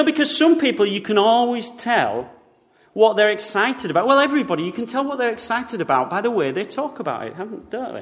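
Male British preacher, bright lively pitch, conversational wry sermon, reverberant church hall. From Britain. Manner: wry, conversational preaching with rhetorical tag questions.

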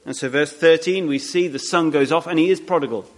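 High-voiced man preaching a conversational sermon. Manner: conversational, with frequent restarts and asides; emphatic, slowing down on key points.

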